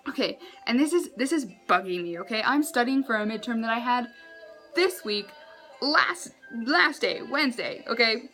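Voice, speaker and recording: A woman's voice: on the high side, expressive, moderate pace, sharp tone, faint music behind, rough recording. A young woman, a university student, telling a storytime vlog in an exasperated, ranting way with sarcastic asides. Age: young adult.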